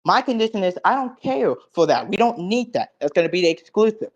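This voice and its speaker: A man recapping an online debate, cocky and profane, lecturing in logic jargon with loud bursts and low mutters. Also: expressive, fairly quick, muffled recording.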